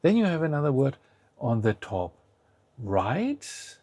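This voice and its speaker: Husky-voiced man teaching patiently. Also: medium pitch, big pitch swings, slow, warm tone, dry recording. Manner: patient, prompts the learner to try each word first. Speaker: language teacher. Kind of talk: explaining a lesson to the viewer.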